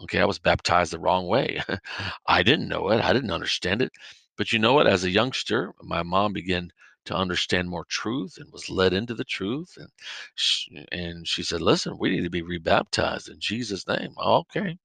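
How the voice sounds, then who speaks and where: A man's voice: low-pitched, lively intonation, moderate pace, vocal fry, sharp tone, dry recording. A middle-aged man host preaching a podcast sermon, fervent and emphatic with exclamations.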